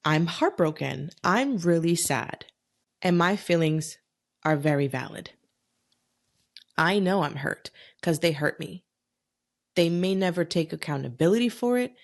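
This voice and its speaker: A woman hosting a solo podcast, talking bluntly with lots of swearing and emphatic rhetorical questions. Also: fairly low pitch. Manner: talks herself through feelings aloud. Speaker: podcast host.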